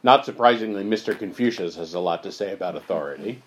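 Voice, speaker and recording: A man leading a reflective discussion on spiritual teachings, thoughtful and unhurried, his voice going hoarse. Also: low-pitched, expressive, very noisy. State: losing his voice. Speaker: discussion leader.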